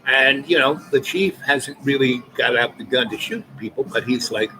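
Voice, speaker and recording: A man's voice: medium pitch, low-quality recording. Man rambling a story over music. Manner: halting, many restarts and repeated words. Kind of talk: rambling personal anecdote. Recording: voice over clear background music.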